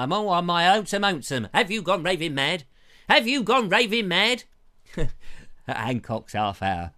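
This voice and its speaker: A man's voice: on the high side, bright, forceful tone, clear, resonant tone. An English man hosting a live-stream chat show, reading out viewers' comments and joking around, on a lapel mic. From Britain. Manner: playful, jokey, slips into silly voices. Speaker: host.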